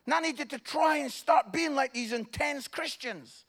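A man preaching a sermon, telling jokey, animated stories. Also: very high voice, a little slow.

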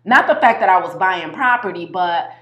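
A woman giving a casual motivational talk, animated and full of slang, repeating herself and restarting sentences. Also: on the low side, moderate pace, echoey room. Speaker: health coach.

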